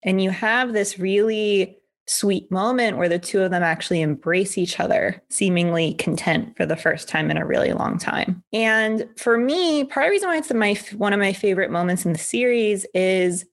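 A woman co-hosting a casual anime discussion, talking with playful, teasing asides. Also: mid-range voice. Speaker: co-host.

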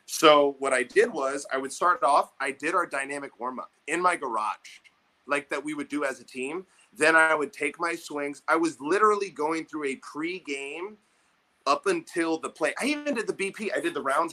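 A young man telling an animated, profane story in casual chat, acting out what people said to him. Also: a little high, normal speed, rough recording. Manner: animated, profane, acts out quotes. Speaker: podcast co-host, baseball coach.

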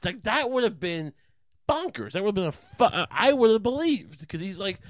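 A man's voice: high-pitched, very animated, moderate pace, dry recording. A man hosting a podcast, ranting in a profane, rambling comedic way. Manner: profane, rambling, laughing at his own jokes. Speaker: podcast host. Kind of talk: casual comedic rant.

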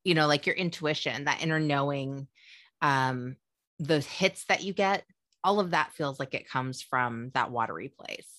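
A woman co-hosting a relaxed podcast, talking like the therapist she is. Her voice sits low yet sounds bright and forceful, and she chats animatedly, laughing often. The sound is close and dry. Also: a little slow, dry recording. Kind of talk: casual podcast chat.

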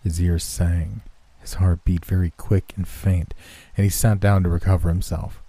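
A man narrating a horror story in a slow, measured way. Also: deep voice, flat delivery, mellow, slightly rough, no echo.

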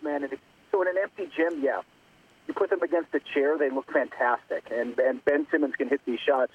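A man calling in as a guest basketball writer, talking in an animated way with quick restarts. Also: mid-range voice, a little hiss or hum. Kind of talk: phone-in interview. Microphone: phone. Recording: tinny phone line.

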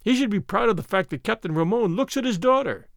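A man's voice: sits high, expressive, fast talker, creaky, no echo, studio quality, pitched above the performer's own voice. A man voicing an arrogant army captain in an audiobook, purring and sneering as he presses his suit. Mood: domineering. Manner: sneering, overbearing. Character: arrogant bold army captain suitor, male. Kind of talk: audiobook character reading.

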